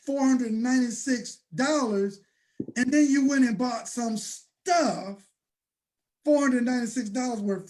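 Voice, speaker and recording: A man hosting a motivational money talk, preaching and building to shouts. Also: very high-pitched. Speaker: host.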